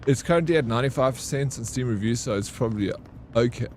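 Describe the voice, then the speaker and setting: A man's voice: mid-range voice, quick pace, a little mellow, slight background noise. A young man, chatting with his viewers while streaming a game and greeting them by name. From South Africa. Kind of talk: casual live-stream chat.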